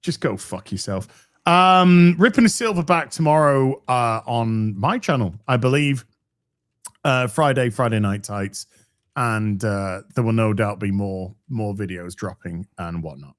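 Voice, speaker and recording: A man's voice: fairly low pitch, unhurried, dry recording, studio quality. A man speaking as a guest on a live stream, ranting heatedly and swearing. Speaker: guest commentator. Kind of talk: casual live stream chat.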